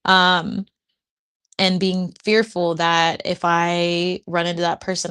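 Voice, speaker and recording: A woman's voice: on the low side, level tone, slow pace, a bit bright, clean tone. A young adult woman, a spiritual business coach, talking casually and emotionally to her live audience, laughing often. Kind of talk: casual livestream talk to an audience.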